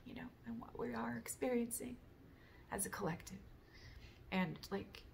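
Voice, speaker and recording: Rambling woman with a gravelly fry. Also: fairly high pitch, normal speed, a little hiss or hum. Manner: meandering, many "like"s, drifts into soft whispers; reads an apology mantra in a lifted, earnest voice. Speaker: spiritual podcast host. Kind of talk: reflective personal monologue.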